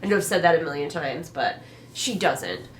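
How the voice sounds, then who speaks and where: A woman's voice: deep voice, expressive, normal speed, slight background noise. Sarcastic chatty woman in a roomy echo. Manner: sarcastic, chatty, many "like" fillers. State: voice a bit worn. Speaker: book reviewer. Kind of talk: sarcastic casual book critique.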